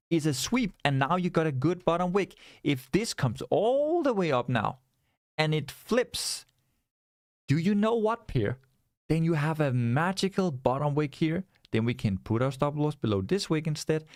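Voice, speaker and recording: A man hosting a live trading stream, talking viewers through a chart with animated, coaxing commentary and repeated rhetorical questions. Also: on the high side, no echo, clean studio sound. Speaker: livestream trading host.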